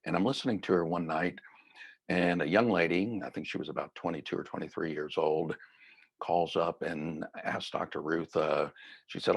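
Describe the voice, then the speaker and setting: Deep gravelly slow-talking male meditation guide. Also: steady tone. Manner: slow, reflective, gently conversational. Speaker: mindfulness teacher. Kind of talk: guided mindfulness talk.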